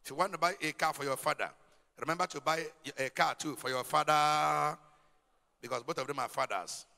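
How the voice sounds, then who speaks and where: Male pastor, forceful bright delivery, high-pitched, preaching in a big reverberant hall. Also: a little fast, vocal fry. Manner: emphatic preaching with rhetorical questions to the congregation. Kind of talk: sermon.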